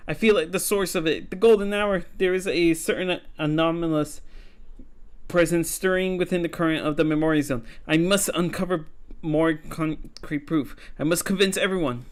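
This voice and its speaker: A male streamer reading game dialogue aloud and chatting, with frequent restarts. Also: fairly high pitch. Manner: halting, with restarts and ums.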